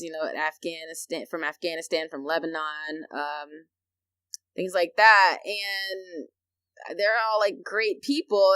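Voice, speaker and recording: A woman's voice: on the low side, a bit bright, no echo. Chatty young woman on a podcast. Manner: chatty, lots of likes, backchannels and laughs. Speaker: podcast co-host. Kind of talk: casual chat.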